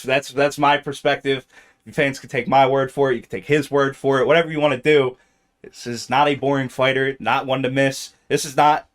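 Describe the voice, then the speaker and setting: Earnest male interviewer, eager and halting. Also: mid-range voice. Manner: earnest, eager, stumbling restarts. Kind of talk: interview questions.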